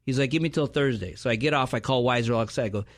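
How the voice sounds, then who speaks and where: A man's voice: medium pitch, no room sound, clean studio sound. A man co-hosting a podcast, telling a story in casual chat and acting out his friends' lines. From San Diego area. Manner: fast, animated storyteller, acts out friends' lines. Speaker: podcast co-host.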